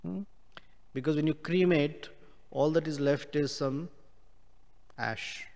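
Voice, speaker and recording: A man giving a scripture class, explaining Sanskrit words slowly with many pauses. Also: on the high side, fairly even intonation, vocal fry, a little mellow, in a large hall. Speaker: class speaker.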